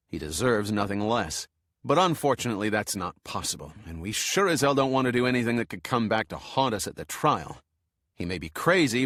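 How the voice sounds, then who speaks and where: A male narrator voicing a tough, blunt male FBI agent with a gruff, clipped delivery. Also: on the low side, a bit bright, no echo, clean studio sound.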